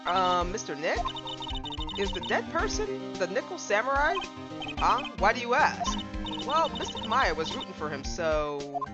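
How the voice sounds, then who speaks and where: A woman's voice: medium pitch, sing-song, a little slow. A woman voicing a cheerful young female sidekick, eager and chirpy. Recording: dull audio with game music.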